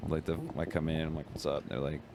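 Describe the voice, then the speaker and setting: Laid-back low-voiced young man. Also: steady tone, quick pace, gravelly, noisy background. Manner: laid-back, rambling, lots of "like" and "bro". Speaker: guest comedian. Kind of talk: casual podcast chat.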